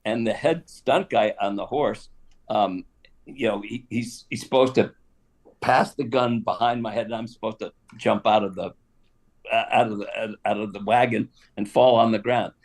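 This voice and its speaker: An older man telling a story casually on a live stream, animated, with laughs and asides. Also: lowish voice, normal speed. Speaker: guest actor telling stories.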